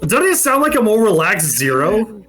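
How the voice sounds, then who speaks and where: A young man co-hosting a casual podcast chat, excitable and swearing a lot. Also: high-pitched, normal speed, soft background music. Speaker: podcast co-host. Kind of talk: casual chat over an online call.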